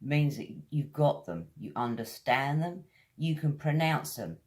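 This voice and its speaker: A woman with a British accent teaching English vocabulary, drawing each word out slowly as she drills its pronunciation. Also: deep voice, expressive, a little mellow. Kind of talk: vocabulary lesson.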